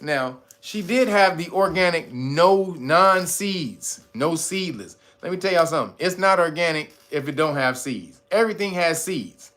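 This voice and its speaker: A man hosting a casual livestream, talking straight to his viewers in a profane, animated way, laughing often and reading out chat guesses. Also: fairly high pitch, unhurried, hardly any pauses. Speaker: host.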